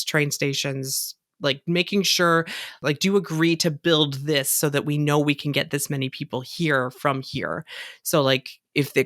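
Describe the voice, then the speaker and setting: A woman's voice: low-pitched, fairly bright tone, dry recording, clean studio sound. A woman co-hosting a podcast in casual chat, rambling with frequent restarts and laughs. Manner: rambling, giggly, lots of restarts. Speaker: podcast co-host.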